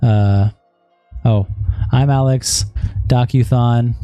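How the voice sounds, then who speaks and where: Male streamer, dark mellow voice, dry close sound, reads logs aloud and drifts into loose asides over faint music. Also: mid-range voice, slow, dry recording. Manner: steady reading with rambling casual asides and fillers. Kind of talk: reading chat logs aloud on a live stream.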